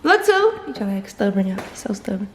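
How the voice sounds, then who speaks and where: A woman's voice: medium pitch, sing-song, fast talker, background noise. A woman vlogging as a mother, teasing her child with a playful, laughing manner. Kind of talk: casual family vlog chat. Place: home kitchen. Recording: echoey room.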